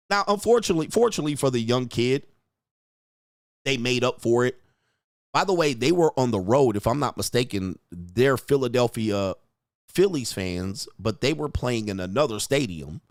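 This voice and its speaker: A man's voice: mid-range voice, no room sound, clean studio sound. A man giving blunt, profane commentary on a video clip, acting out what people say. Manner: blunt, profane, animated, acts out people's lines. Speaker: commentator reacting to a viral video. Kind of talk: casual reaction commentary.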